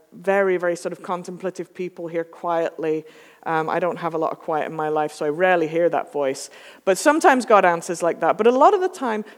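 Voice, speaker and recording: A pastor preaches in an easy, conversational way, slipping in wry jokes as the sermon goes. The voice sits at a middling pitch and rings out with the long reverb of a church sanctuary. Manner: relaxed, chatty, joking asides.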